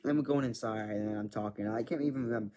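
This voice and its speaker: A man's voice: mid-range voice, fast talker, dark tone. A man rambling through a personal story in casual chat, full of filler words and frequent swearing. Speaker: vlogger.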